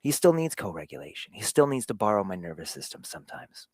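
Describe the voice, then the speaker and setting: Male host, earnest fatherhood talk, lower pitch, dynamics from hushed to emphatic, dry sound. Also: very animated, fast talker, no room sound. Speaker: show host.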